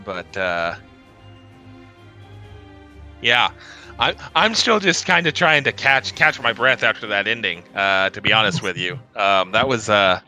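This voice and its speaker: A man's voice: on the low side, expressive, measured pace, long pauses, bright, forceful tone, soft background music. A man commentating and interviewing racers after a race, chatty and rambling, laughing often. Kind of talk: casual post-race interview.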